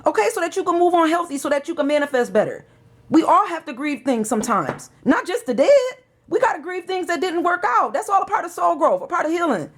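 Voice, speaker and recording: A woman's voice: very high voice, big pitch swings, fairly quick, a bit bright. A woman gives a tarot reading. She talks in an emotional, preachy way, pressing each point with urgency. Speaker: tarot reader.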